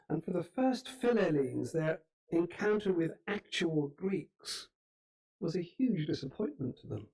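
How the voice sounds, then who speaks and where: A man giving a storytelling history lecture in a church hall, unhurried, with small restarts now and then. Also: fairly high pitch, mellow, breathy edge. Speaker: speaker giving a history talk.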